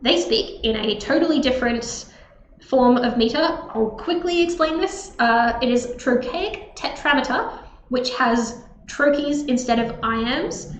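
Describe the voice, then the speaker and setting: A woman's voice: high-pitched, measured pace. A woman explaining a literature text to students in a casual, chatty way with many fillers. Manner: chatty, filler-heavy, stresses words in read quotes. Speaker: tutor presenting a text analysis lesson. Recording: slightly roomy with faint background hiss.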